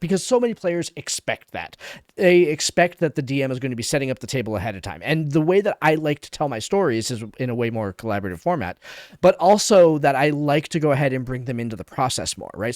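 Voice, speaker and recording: A man's voice: medium pitch, no room sound, studio quality. A man who runs tabletop games, talking enthusiastically on a podcast with lots of "like" and restarts. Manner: enthusiastic, many fillers and restarts. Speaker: game master and podcast panelist. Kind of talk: casual podcast chat.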